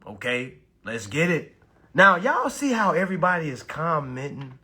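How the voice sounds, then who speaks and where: Lively, bright-voiced man hyping a livestream class. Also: on the high side, slightly rough. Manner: hype-man, repeats phrases, urges viewers to comment; drops to slow, hushed talk when stressing points. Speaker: live-stream host teaching about bills. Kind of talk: hyped social-media livestream class.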